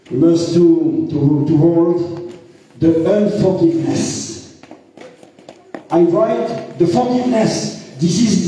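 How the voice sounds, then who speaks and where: A French man preaching a sermon in English as a pastor, halting often, repeating words and filling pauses. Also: sits high, mellow. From France. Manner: halting, repeats words and uses many fillers. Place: church hall. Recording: echoey hall, voice from far off.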